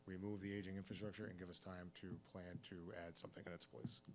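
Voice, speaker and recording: A man's voice: sits low, flat delivery, quick pace, a little hiss or hum. A man explaining a utility project at a town meeting, his voice cracking a little from a cold, plain and technical with many fillers. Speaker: town engineering director. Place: town hall meeting room.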